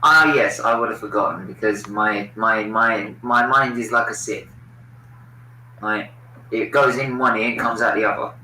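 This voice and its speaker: A man's voice: on the low side, normal speed, sharp tone, roomy sound, far from the mic, slight background noise, low-quality recording. A man hosting a football watchalong stream, opinionated and swearing freely in casual chat.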